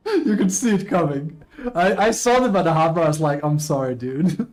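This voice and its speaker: Male streamer, casual live chat, excitable and swears freely, a touch high-pitched. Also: measured pace. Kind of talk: casual live-stream commentary, reading posts aloud.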